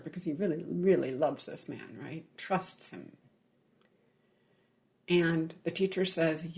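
Gravelly, measured dharma teacher. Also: medium pitch, a little mellow. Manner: measured storytelling with frequent pauses and "right?" check-ins. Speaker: meditation teacher. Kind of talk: Buddhist dharma talk.

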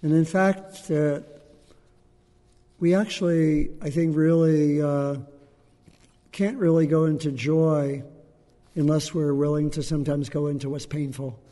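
A man giving a gentle, unhurried dharma talk to a group as a meditation teacher, pausing often. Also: a little high, steady tone, in a large hall. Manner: gentle, unhurried, with frequent pauses and fillers.

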